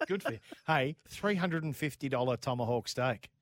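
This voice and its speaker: An Australian man co-hosting a motorsport radio show from a studio, joking, laughing often and telling quick anecdotes. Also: medium pitch, expressive, dry recording. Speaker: radio co-host. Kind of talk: casual motorsport banter.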